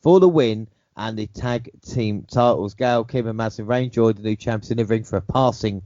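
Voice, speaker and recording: Low-voiced man reading wrestling recaps. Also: moderate pace, mellow, no echo, muffled recording. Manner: reads match recaps steadily, then chats with rating opinions. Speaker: podcast co-host recapping wrestling. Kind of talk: read recap and casual chat.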